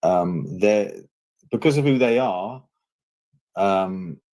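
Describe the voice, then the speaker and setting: A man's voice: low voice, takes it slowly, a little mellow. A young man giving casual reaction commentary in a mocking, sarcastic tone, with plenty of rhetorical questions.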